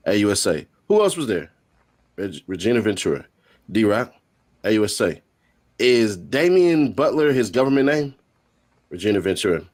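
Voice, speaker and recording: A man hosting a stream, reading courtroom testimony aloud with quick joking asides. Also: deep voice. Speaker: host. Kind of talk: reading court transcript updates.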